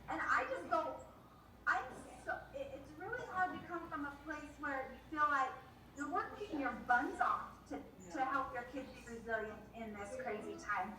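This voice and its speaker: A woman, a mother on a discussion panel, talking emphatically and in exasperation, acting out what others say in animated voices. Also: high-pitched, moderate pace. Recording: echoey room, distant mic, noisy.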